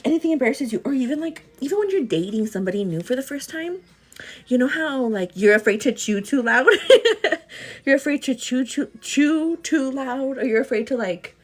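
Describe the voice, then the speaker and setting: Giggly, husky woman chatting. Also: high voice. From El Paso, Texas. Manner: giggly, chatty, often says girl. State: pregnant. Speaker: livestream host. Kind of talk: casual morning livestream chat.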